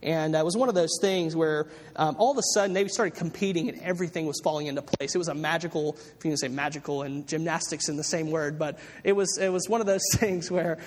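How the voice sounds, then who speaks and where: A man's voice: a little high, fast talker, hardly any pauses. A man preaching a sermon as a pastor, telling a story loosely with many fillers and restarts. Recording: long reverb of a large hall.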